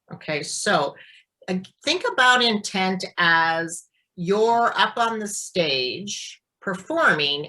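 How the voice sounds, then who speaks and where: A woman speech therapist explaining and demonstrating voice exercises in a clear, deliberate teaching manner. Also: on the low side, sharp tone, poor audio. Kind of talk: instructional demonstration.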